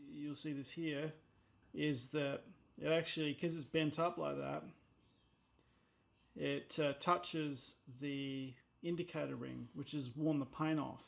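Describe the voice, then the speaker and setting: With a fairly high voice and noticeable vocal fry, this Australian watchmaker casually talks his way through repairing a watch. His manner is blunt and exasperated, and annoyance brings out his swearing.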